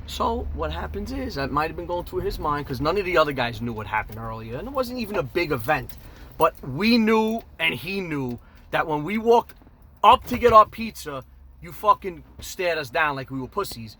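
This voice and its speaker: A man telling a casual story in an animated, profane, emphatic way. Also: fairly high pitch, normal speed, slight background noise. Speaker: storyteller host.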